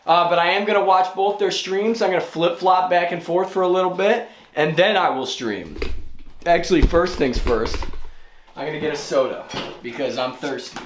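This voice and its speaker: Man, casual home vlog, slightly high voice, echoey room, faint background hiss. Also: normal speed. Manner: laid-back, self-mocking, swears casually. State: out of breath. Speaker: vlogger. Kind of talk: casual vlog talk to camera.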